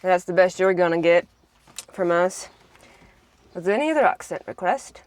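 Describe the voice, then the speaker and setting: A woman's voice: on the low side, lively intonation, normal speed, a little mellow. A young woman from the United States, a farm vlogger, chatting playfully and giggling with her sibling inside a vehicle. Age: young adult. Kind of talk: casual chat.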